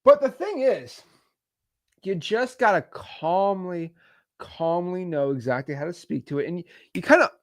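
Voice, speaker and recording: A man giving a casual coaching talk on cold calling, chatty, with quick asides and frequent laughs. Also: high voice, dry recording.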